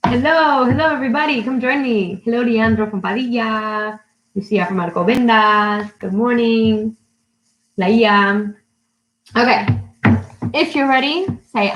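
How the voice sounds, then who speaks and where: Slow, cheerful woman teaching kids live. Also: mid-range voice, slight background noise, low-quality recording. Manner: slow, bright greetings and questions to young viewers. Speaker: English teacher for children. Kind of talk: live-streamed storytime lesson. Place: her home in a city.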